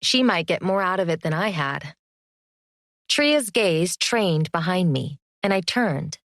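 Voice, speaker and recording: A woman narrating a first-person fantasy audiobook in an even, measured storytelling manner. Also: fairly low pitch, no room sound, studio quality.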